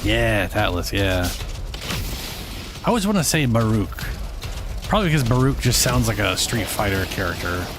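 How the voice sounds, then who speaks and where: A man's voice: on the low side, very animated, normal speed, long pauses, noisy background. A man streaming a game, giving laid-back, mumbled commentary to himself. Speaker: gaming streamer. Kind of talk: casual gameplay commentary.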